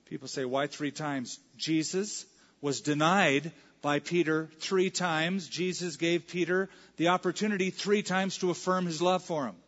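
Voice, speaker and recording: A man's voice: on the high side, fairly even intonation, moderate pace, a bit bright. Man preaching in an echoing hall. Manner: conversational preaching, acts out scripture dialogue. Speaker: pastor. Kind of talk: sermon. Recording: reverberant hall, dull lo-fi sound.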